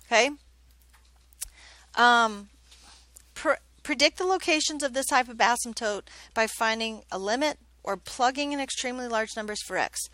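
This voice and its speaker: Bright-voiced chatty woman math teacher. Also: fairly high pitch, normal speed, no room sound. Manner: chatty, joking, asks many questions. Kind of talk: classroom lesson. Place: classroom.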